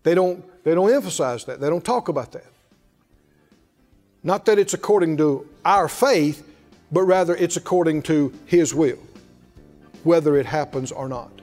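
High-voiced preacher in a reverberant hall. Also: male voice, moderate pace, long pauses, darkish tone, soft background music. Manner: emphatic, calls on the congregation to respond. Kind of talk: sermon.

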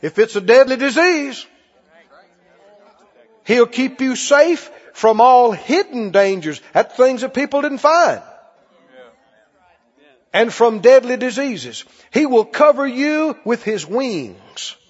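High-voiced preacher with slow, lively delivery. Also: male voice. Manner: call-and-response preaching, rising to shouts on key lines. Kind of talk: sermon. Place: church sanctuary. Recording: lo-fi hall recording. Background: congregation responding.

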